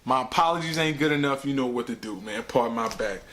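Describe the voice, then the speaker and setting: A man's voice: medium pitch, quick pace, crowd noise. A man hosting his own show, ranting casually about bad movies in slangy, emphatic talk that repeats words for effect. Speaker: movie reviewer, show host.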